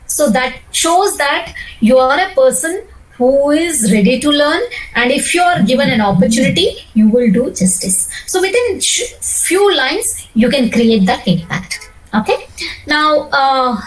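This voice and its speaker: High-voiced woman coaching interview skills. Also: far from the mic, rough recording. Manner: explanatory, many fillers and restarts, stresses words. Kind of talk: one-on-one coaching session.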